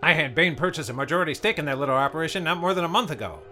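In a comic radio play, a man plays a gleeful, miserly rich tycoon, sounding cheery, chirpy, and quick to laugh. His voice is a little high, animated, pushed, and bright, with faint music behind it.

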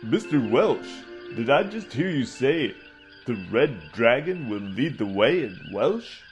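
Man doing a deadpan, wry helmsman. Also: medium pitch, takes it slowly, faint music behind. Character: dry, sarcastic male helmsman.

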